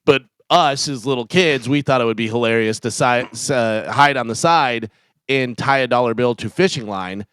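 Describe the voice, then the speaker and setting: A man's voice: medium pitch, normal speed, clear, resonant tone, no echo. A man co-hosting a radio show, telling stories animatedly in casual banter. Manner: animated storyteller acting out voices. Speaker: radio co-host. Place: radio studio. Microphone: studio microphone.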